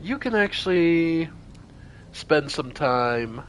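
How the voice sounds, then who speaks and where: With a higher-pitched voice he takes it slowly, a man streaming a strategy RPG who talks casually through each party member's turn. He breaks into animated exclamations, and there's a little hiss or hum in the audio.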